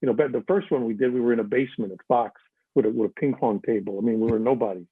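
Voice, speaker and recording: This is a casual storytelling chat where an older male guest speaks quickly at medium pitch, lively and animated, imitating others' voices for quotes. His a-bit-husky voice arrives through a dry, tinny, phone-like connection without echo.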